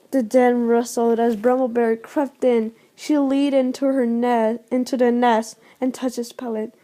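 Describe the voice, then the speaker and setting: A woman's voice: on the high side, fairly even intonation, measured pace, hardly any pauses, dark tone. Stumbling woman reading a story aloud. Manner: stumbling, with frequent restarts and repeated words. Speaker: channel host reading a book aloud.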